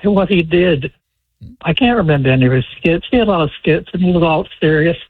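Old guy calling into radio, husky, rambly, dry tinny phone sound. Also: fairly high pitch, no echo. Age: 70s. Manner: rambling, halting, with restarts. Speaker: radio caller. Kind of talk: phone call to a talk show.

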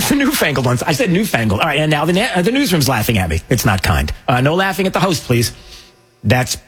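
A man's voice: a little high, sing-song, fast, a bit bright, husky. A man hosting a show, talking loosely with jokes and lots of fillers. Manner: rambling, joking, many fillers. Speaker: host. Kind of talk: casual commentary.

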